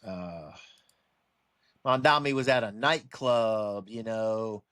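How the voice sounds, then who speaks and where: A man's voice: on the low side, slow pace, fairly bright tone, no room sound, clean studio sound. A man delivering a rambling casual monologue for his online channel, full of restarts and a warning tone. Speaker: religious commentary vlogger.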